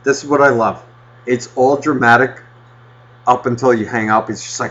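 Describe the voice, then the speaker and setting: A man's voice: medium pitch, moderate pace. A man riffs and rants on a casual podcast, swearing freely and slipping into exaggerated impressions of his friend. His voice sits in a middle register. The recording is dull and lo-fi. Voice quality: loud, animated ranting with mocking impressions. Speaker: podcast co-host.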